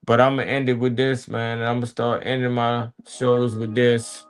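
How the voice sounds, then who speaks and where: Male podcast host, blunt and profane, preachy street-talk monologue, mid-pitched voice. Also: level tone, normal speed. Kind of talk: casual motivational monologue.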